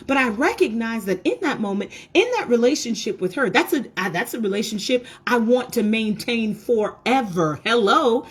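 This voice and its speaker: Fired up, this woman repeats words and restarts as she leads an emphatic, preachy motivational talk for women, sprinkled with self-mocking asides. She talks briskly with hardly any pauses, in an animated, mid-range, slightly rough voice.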